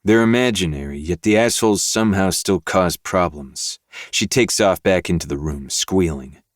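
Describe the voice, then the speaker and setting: A man, the podcast host, narrating a dark novel in first person with steady, measured delivery. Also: deep voice, no room sound, clean studio sound.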